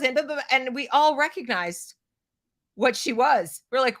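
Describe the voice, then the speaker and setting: A middle-aged American woman hosting an opinionated commentary show, talking in an animated, sarcastic way and reading out viewer comments. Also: on the high side, a little fast. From United States. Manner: animated, sarcastic, mimics people in mocking voices. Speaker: show host.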